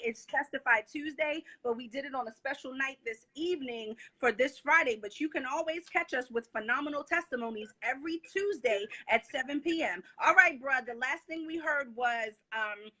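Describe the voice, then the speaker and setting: A woman's voice: high voice, fairly bright tone. A woman hosting a weekly testimony show, welcoming viewers and encouraging her guest with short affirming replies. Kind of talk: live online show hosting.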